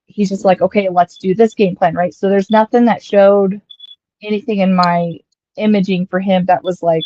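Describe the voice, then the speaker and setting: A young woman from Colorado casually telling a long personal story, rambling and quoting people in lively asides. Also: medium pitch, moderate pace, muffled recording. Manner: chatty, rambling, quotes others in lively asides.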